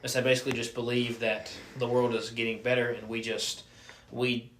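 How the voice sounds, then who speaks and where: A man who works as a college pastor, talking in a relaxed, easygoing way, often saying "dude" and "man". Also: mid-range voice, brisk, slight background noise. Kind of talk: casual interview chat. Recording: roomy echo.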